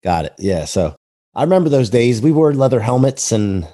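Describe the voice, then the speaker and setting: A man's voice: mid-range voice, very animated, moderate pace, dark tone. A man in his forties hosting a casual interview, mostly giving short affirmations and the odd joke. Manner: brief affirming backchannels, joking. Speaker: podcast host.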